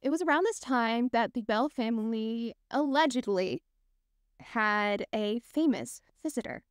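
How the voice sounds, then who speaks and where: A young adult woman hosting a podcast, retelling a spooky legend in an animated, chatty way. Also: fairly high pitch, a little slow, clean tone, no room sound, clean studio sound. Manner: lively, animated retelling with quoted voices. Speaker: podcast host telling the story. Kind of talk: casual storytelling chat.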